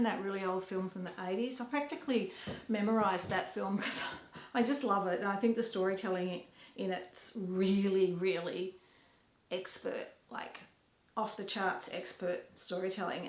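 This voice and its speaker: A woman with an Australian accent chatting casually to camera in her home kitchen, rambling from one thing to the next and laughing often. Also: medium pitch. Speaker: vlogger. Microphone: camera set down nearby. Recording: echoey room.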